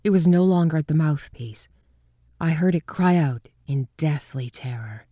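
A woman narrating a ghost story in a hushed voice that often drops to a whisper. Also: sits low, animated, measured pace, no echo, studio quality.

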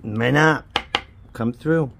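A man's voice: mid-range voice, extremely slow, creaky, noisy background. A man hosting a casual vlog as he scratches lottery tickets, grumbling and often tacking "man" onto his sentences. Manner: frustrated, grumbling, repeats "man". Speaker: lottery scratch-off channel host.

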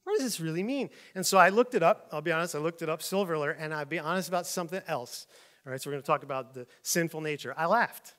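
A bright, high-pitched middle-aged man delivers a sermon full of lively storytelling. He keeps slipping into voices for the people in his stories, sometimes shouting them out. The tone is that of a preacher talking easily to his congregation. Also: fast talker. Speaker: pastor.

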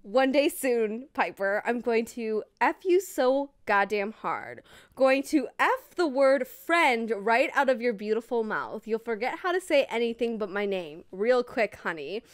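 A woman's voice: on the high side, animated, unhurried, dry recording, studio quality. A woman reads a brash male romance hero's lines aloud from a novel, embarrassed as she reads. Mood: low and husky. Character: brash male romance hero, rough fisherman.

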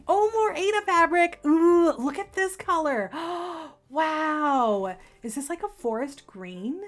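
A young adult woman vlogging casually as she unboxes craft kits, gushing and gasping with excitement. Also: high voice. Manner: gushing, excitable, gasps often. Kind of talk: unboxing chat.

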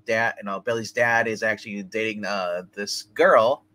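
Bright-voiced man recapping a movie casually. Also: lowish voice, steady tone, normal speed. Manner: rambling plot recap, frequent laughs and fillers. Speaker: movie review podcast host. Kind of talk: casual chat.

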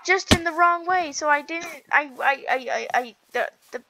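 A woman chatting casually while playing a video game, excitable and giggly, gasping and stammering as she goes. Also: high-pitched, normal speed, low-quality recording. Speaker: gaming video host. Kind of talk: casual gameplay chat.

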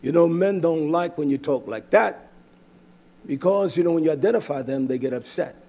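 A man preaching a fiery, scolding sermon that swings from loud outbursts to quiet asides. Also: on the high side, moderate pace.

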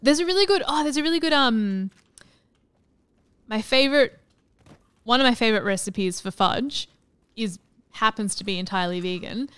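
A woman's voice: on the high side, moderate pace, pauses often, clean tone, no room sound. A woman chatting casually on a stream, telling rambling stories with a giggle. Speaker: stream co-host. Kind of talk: casual chat.

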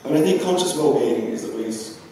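Speaking fast and animated in a fairly high, mellow voice, this young adult man delivers a relaxed, conversational philosophy talk at a conference, dropping frequent ums. The recording comes from far back in a big lecture hall, echoey and with a little background noise.

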